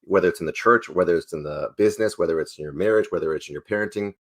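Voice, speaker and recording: A man in his forties, a sales trainer and former pastor, answering interview questions in a playful, energetic way. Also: sits low, rapid-fire.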